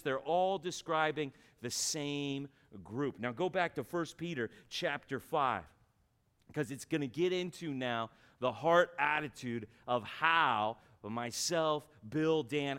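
A man's voice: a little high, fairly bright tone, clean tone. A male pastor preaching a sermon in a church, talking in a conversational way and acting out everyday voices to make his point.

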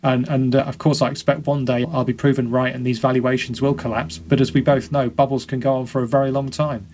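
A man talking casually and quickly as a podcast guest, often repeating words as he thinks. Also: mid-range voice, level tone, a little mellow, slight background noise. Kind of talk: casual conversation.

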